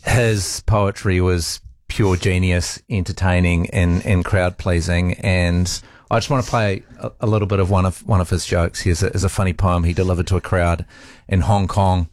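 Man, 40s, radio host, very low voice, halting and sincere, dry studio sound. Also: fairly even intonation, darkish tone, no room sound. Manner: halting, with restarts and pauses. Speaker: radio talk show host. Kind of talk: heartfelt tribute on talk radio.

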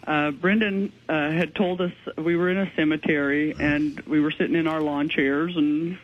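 A woman's voice: low voice, steady tone, normal speed, lo-fi sound, slight background noise. A woman, a ghost investigator, speaking earnestly and matter-of-factly as a radio guest. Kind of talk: radio interview.

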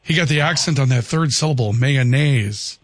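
A man's voice: fairly high pitch, fast, no echo, clean studio sound. A man hosting a radio show who reads listener texts and teases his guest in a playful way. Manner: playful, teasing. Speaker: radio host. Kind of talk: casual radio chat.

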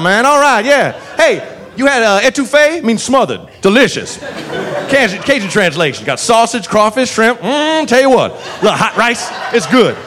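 A man's voice: extremely high pitch, voice pushed up. A man playing a big, unflappable southern cop who chats easily in a drawl, with a Southern US accent. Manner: easygoing drawl, chatty.

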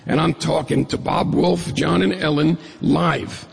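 A man's voice: on the high side, a little slow, creaky, breathy edge. A middle-aged man from New York State telling a humorous personal story on stage, acting out the dialogue. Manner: humorous, lively storyteller who acts out dialogue. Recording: echoey hall reverb.

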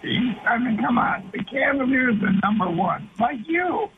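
A male caller on a sports radio show, loud in his blunt opinions. His voice sits very high. The call comes through a thin, tinny phone line with a faint hiss behind it. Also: very animated, moderate pace. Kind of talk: casual radio call-in chat.

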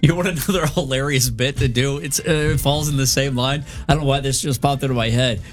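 A man's voice: medium pitch, brisk. Man, casual chat, easygoing anecdotes, faint music behind. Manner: laughing anecdote teller. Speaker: co-host.

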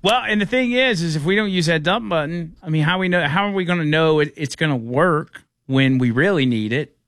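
A man's voice: a little high, expressive, brisk, a bit bright, no room sound, studio quality. A man hosting a casual radio talk show, rambling with frequent restarts.

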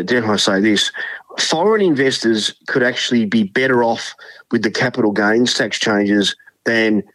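A man's voice: on the low side, unhurried, fairly bright tone, no echo, rough recording. A man giving finance commentary, earnest and explanatory.

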